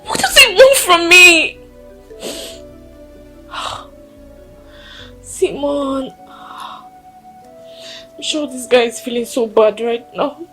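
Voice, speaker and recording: A high, unhurried Nigerian voice apologizes again and again. Soft music plays under his words. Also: exaggerated voice. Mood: apologetic. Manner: apologetic, slow. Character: embarrassed young man apologizing to his girlfriend.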